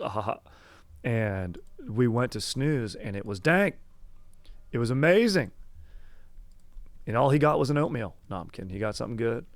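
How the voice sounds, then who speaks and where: A young man hosting a casual comedy podcast, excitable, swearing and saying "dude" often. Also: fairly low pitch, fairly quick, no echo. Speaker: podcast host. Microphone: headphones on.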